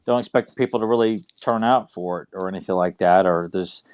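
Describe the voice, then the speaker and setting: A man's voice: deep voice, brisk, smooth, phone-quality sound. A man co-hosting a podcast in casual chat, teasing and rambling with crude jokes. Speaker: podcast co-host.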